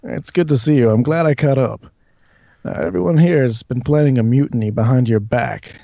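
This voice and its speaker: A man's voice: mid-range voice, normal speed, gravelly, warm tone, no room sound, natural voice. A man voicing a conniving male shipmate who speaks in a confiding way, on dull lo-fi audio.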